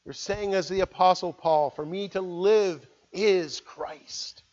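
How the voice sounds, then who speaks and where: A man preaching a sermon, earnest, moving between loud appeals and hushed, quiet words. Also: high voice, slow pace, highs cut off. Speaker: pastor.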